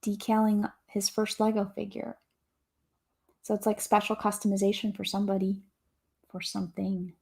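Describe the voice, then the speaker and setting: A woman's voice: mid-range voice, completely flat delivery, moderate pace, vocal fry, long pauses, a little mellow, breathy edge. A young adult woman hosting a casual livestream, chatting cheerfully and reading viewer comments aloud. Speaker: livestream host.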